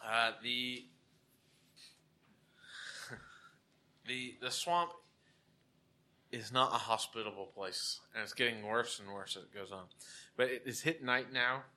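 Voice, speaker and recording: A man's voice: medium pitch, slow pace, long pauses, sharp tone. A man narrating a tabletop game as game master in a casual way, laughing often as he describes the scene.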